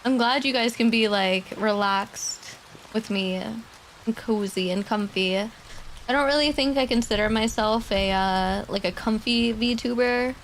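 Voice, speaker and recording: A woman streamer chatting casually and quietly with her viewers at her desk mic, laughing often and swearing now and then. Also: a little high, unhurried, slight background noise. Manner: soft-spoken, talking quietly. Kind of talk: casual livestream chat. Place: home streaming setup.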